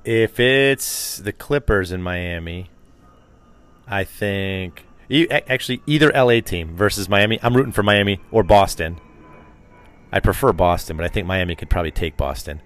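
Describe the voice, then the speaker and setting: Low-voiced man in opinionated sports chat. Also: normal speed, fairly bright tone. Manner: opinionated, rambling, teasing. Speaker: podcast co-host.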